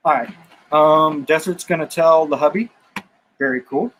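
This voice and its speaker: A man's voice: on the high side, normal speed, a bit bright, a little hiss or hum, poor audio. A man co-hosting a casual live stream from a garage, reading out viewer comments and making easygoing jokes. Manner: joking, easygoing. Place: home garage.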